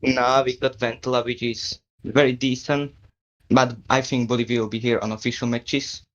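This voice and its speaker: A man answering over voice chat in short, halting phrases with many pauses. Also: medium pitch, flat delivery, dull audio. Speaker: team member.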